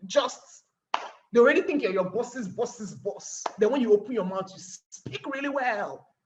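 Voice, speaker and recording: A woman's voice: a little high, unhurried, dull audio, a little hiss or hum. A woman with a Nigerian accent giving a webinar talk as guest speaker, acting out little scenes and firing rhetorical questions.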